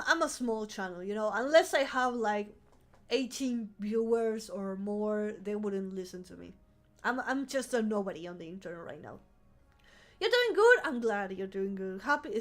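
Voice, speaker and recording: A woman's voice: fairly high pitch, fairly bright tone. A woman streamer telling a rambling story in casual live-stream chat, swearing freely and laughing often. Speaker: vtuber streamer.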